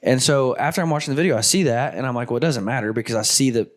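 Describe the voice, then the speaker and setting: A man hosting a hunting show, retelling a hunt in a casual, animated way with lots of filler words. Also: medium pitch, rapid-fire. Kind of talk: casual storytelling with guests.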